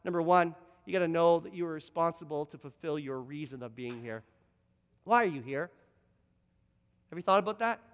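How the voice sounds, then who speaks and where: A man's voice: on the high side, normal speed, pauses often, smooth, long reverb tail. A Canadian man preaching a sermon as pastor, earnest, often repeating words as he presses a point.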